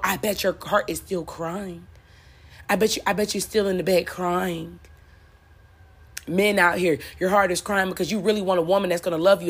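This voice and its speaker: Woman with aave preaching self-help, cusses, repeats herself, kinda low voice. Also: a bit bright, breathy edge. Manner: blunt, profane, laughing at her own lines, repeats for emphasis. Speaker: spiritual motivational speaker. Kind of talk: preachy motivational monologue.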